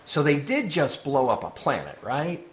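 A man co-hosts a podcast, chatting casually about comics and laughing often. His voice sits at medium pitch with huge swings up and down, and he talks at a moderate pace.

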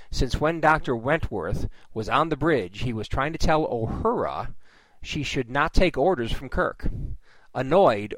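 A man's voice: mid-range voice, a bit bright, no echo, low-quality recording. A man recapping a story in a matter-of-fact way, with wry comments of his own. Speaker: episode recap host. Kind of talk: scripted plot recap with casual asides.

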